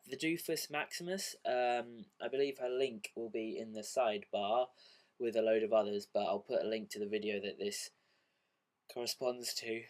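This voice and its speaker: Rambling, self-deprecating man. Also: medium pitch. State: unwell and dizzy. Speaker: vlogger. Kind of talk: rambling casual vlog.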